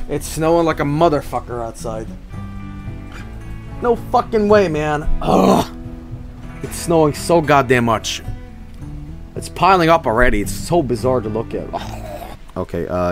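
Excitable man yelling at a game. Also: mid-range voice, measured pace, long pauses, soft background music. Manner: excitable, swears a lot, yells at the game. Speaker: video game streamer. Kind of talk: live game commentary.

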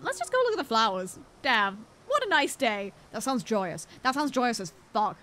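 A woman with a fairly bright voice on the high side streams a game with casual, playful commentary, joking at her own expense and laughing often. A little hiss or hum can be heard.

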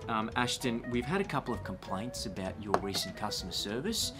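A man's voice: fairly low pitch, very animated, fairly quick, over loud music. A man playing a fed-up office boss. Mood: exasperated. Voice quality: stern, fed-up. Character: exasperated male office boss, middle-aged, by-the-book. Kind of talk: comedy sketch acting.

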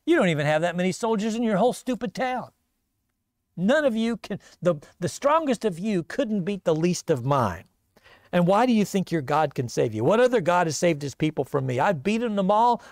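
A man's voice: high voice, lively intonation, normal speed, dry recording, studio quality. A man voicing a boastful, bullying male army commander who mocks and threatens. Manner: mocking, bullying.

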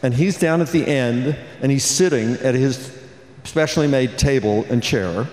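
An older man recounts a memory to a convention audience, pausing and restarting as he talks. His mid-pitched voice rings out with the long reverb of a big, echoey hall. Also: a little mellow. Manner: storytelling with many restarts and fillers. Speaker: actor on a convention panel. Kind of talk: anecdote on a convention panel.

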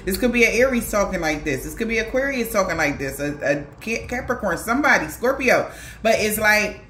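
A woman's voice: mid-range voice, expressive, moderate pace, fairly bright tone, a little hiss or hum. Blunt, profane woman reading tarot. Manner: blunt, slangy and profane, with laughing asides. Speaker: tarot reader. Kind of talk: casual tarot reading to viewers. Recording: echoey room.

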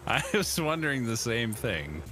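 A man in casual gaming-stream chat, reacting quickly and breaking into laughter. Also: mid-range voice, big pitch swings. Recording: loud game music behind the voice.

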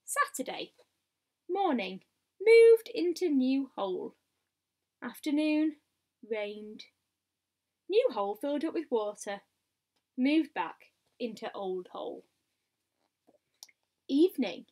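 A woman reading a picture book aloud, in a steady diary style with asides to the listener. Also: high voice, slow pace, long pauses. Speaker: storybook reader.

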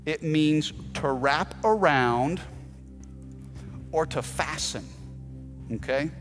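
A man preaching a sermon as pastor, telling stories with animated delivery and shouting out quoted lines. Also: a little high, slow pace, faint music behind. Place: church sanctuary. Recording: long hall reverb.

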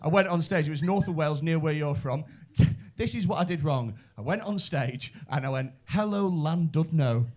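A stand-up comedian with a Liverpool accent doing crowd work, brash, sweary and teasing. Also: male voice, fairly high pitch, a little fast, darkish tone. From Liverpool, England.

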